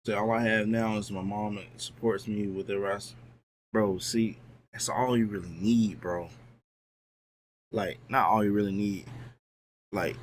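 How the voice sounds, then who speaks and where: Earnest young man, lowish voice. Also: slight background noise. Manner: earnest, heartfelt, filler-heavy with "like" and "bro". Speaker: streamer. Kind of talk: casual motivational livestream chat.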